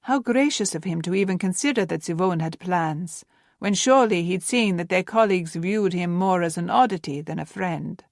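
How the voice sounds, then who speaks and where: A woman narrating a historical novel as an audiobook, in a measured storytelling manner that gently voices the dialogue. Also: on the low side, vocal fry, no echo, clean studio sound. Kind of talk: scripted narration.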